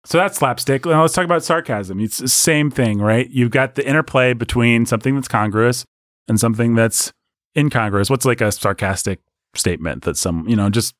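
Animated man co-hosting a podcast. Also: moderate pace, no room sound, studio quality. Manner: animated, jumps into high mock voices for jokes. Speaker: podcast co-host. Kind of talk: casual podcast discussion.

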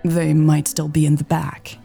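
A woman's voice: sits low, little pitch movement, a little slow, vocal fry, dark tone, faint music behind, exaggerated voice. A woman voicing a kind young shop clerk who speaks in a polite, honeyed service tone.

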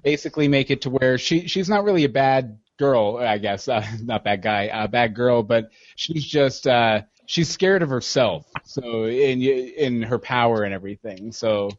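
A man hosting a casual discussion over an online call, relaxed and pausing on fillers. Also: medium pitch, no echo, highs cut off. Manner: relaxed, many filler pauses. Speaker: podcast host.

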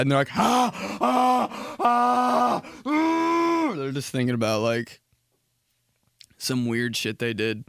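Young male podcast host, mid-pitch, rambling and crude, dry close-mic sound, casual solo monologue. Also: smooth, no echo. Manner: rambling, profane, jumps into loud impressions.

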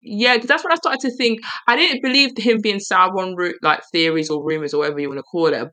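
A woman from East London co-hosting a podcast, talking in a playful, animated way with quick restarts. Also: mid-range voice. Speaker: podcast co-host. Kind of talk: casual chat.

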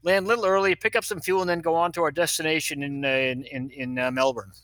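A man playing a calm airline captain who makes a casual public-address announcement. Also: on the high side, fast talker, no room sound, close to an everyday voice. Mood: reassuring. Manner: breezy, casual cockpit announcement. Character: jolly male airline captain, calm and reassuring.

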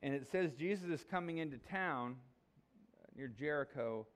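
A man's voice: on the high side, animated, normal speed. A male pastor preaching a sermon in a conversational, jokey, emphatic way.

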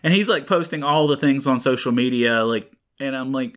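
Male podcast co-host, slightly raspy, loose rambling delivery full of fillers. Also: medium pitch, normal speed. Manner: rambling, many fillers and restarts. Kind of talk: casual comic book chat. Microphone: studio microphone.

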